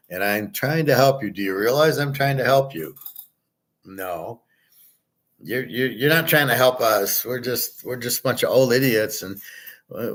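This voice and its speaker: Blunt rambling man, low voice. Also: fairly bright tone. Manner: blunt, rambling, swears, answers chat comments. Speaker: host. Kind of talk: casual livestream talk on betting and gold.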